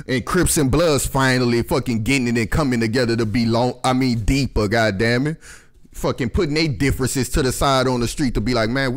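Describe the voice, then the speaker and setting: A man hosting a reaction video, angrily ranting and cursing at the clips he plays. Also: medium pitch. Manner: angry, cursing, ranting at the clip. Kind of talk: profane reaction commentary.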